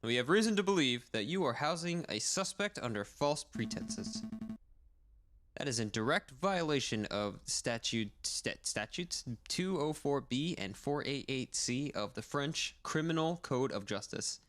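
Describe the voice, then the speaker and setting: A man's voice: medium pitch, expressive, unhurried, fairly bright tone, faint music behind. A man voicing a pompous male falcon lawyer who speaks in a haughty, formal manner.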